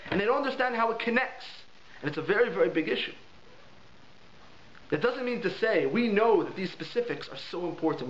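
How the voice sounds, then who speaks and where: Emphatic high-voiced rabbi in echoey room. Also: male voice. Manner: animated, repeats words for emphasis. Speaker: rabbi teaching a class. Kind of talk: holiday Torah lesson with storytelling. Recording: echoey room, dull lo-fi sound, faint hiss.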